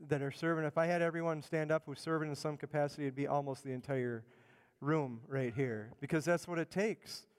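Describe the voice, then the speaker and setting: A man's voice: on the high side, clear, resonant tone. A middle-aged man preaching a sermon to his congregation in a church, talking in a conversational way and often repeating words as he builds a point. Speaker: pastor. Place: church sanctuary. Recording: long hall reverb.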